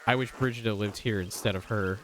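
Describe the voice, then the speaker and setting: A man voicing a sulky, dutiful young farmhand in a game, reading the lines flatly. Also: fairly low pitch, a little fast, noisy background, close to an everyday voice. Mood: grumbling.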